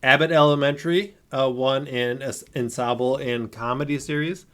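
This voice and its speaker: A man's voice: medium pitch, steady tone, normal speed, fairly bright tone. A man co-hosting a podcast in casual chat, hesitant and full of filler sounds. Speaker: podcast co-host.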